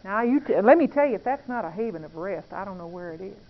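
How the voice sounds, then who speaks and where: A woman's voice: medium pitch, lively intonation, quick pace. A woman speaking earnestly and intimately about prayer and faith, confiding like a testimony, in a dull lo-fi recording. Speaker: Christian speaker. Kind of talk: testimony-style talk on prayer.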